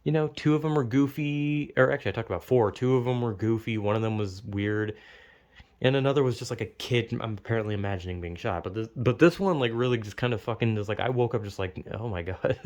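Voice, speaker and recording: A man in a loose solo monologue, talking at a middle pitch and stringing thoughts together with constant fillers and casual swearing. He sounds baffled and animated as he tells a story, in an off-the-cuff vlog delivery. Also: fast. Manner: rambling, heavy filler words and swearing; animated, incredulous. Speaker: podcaster recounting a dream.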